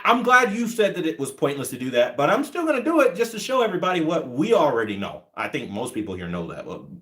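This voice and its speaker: A man's voice: on the high side, a bit bright. A man in his thirties hosting a live chat, answering viewers' comments in a blunt, profane, ranting way. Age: 30s. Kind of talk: casual livestream chat.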